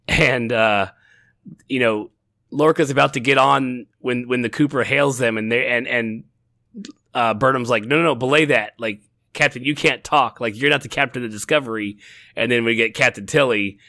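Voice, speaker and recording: A man's voice: mid-range voice, normal speed, pushed and bright, dry recording, clean studio sound. A middle-aged man co-hosting a casual TV review chat, rambling with frequent restarts and laughter. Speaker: podcast co-host.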